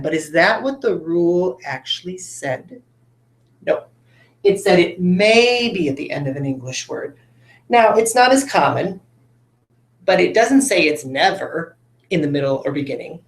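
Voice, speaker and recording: A man's voice: high voice, expressive, unhurried, roomy sound. A male teacher giving a patient phonics lesson to children, coaxing them along with tag questions.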